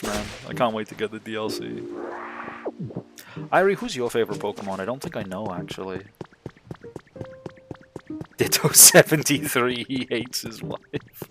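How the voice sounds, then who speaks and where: A man chats casually while streaming a game, thinking aloud, swearing freely and laughing often. His lowish voice swings widely in pitch. Game music plays clearly underneath. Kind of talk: casual gameplay chat.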